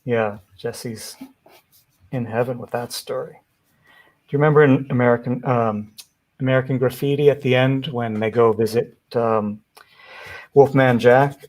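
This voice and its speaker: A man's voice: medium pitch, steady tone, unhurried, long pauses, a little mellow. Chatty male co-host chiming in. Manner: chatty, interjecting reactions. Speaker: co-host, illustrator. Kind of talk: casual live Q&A chat.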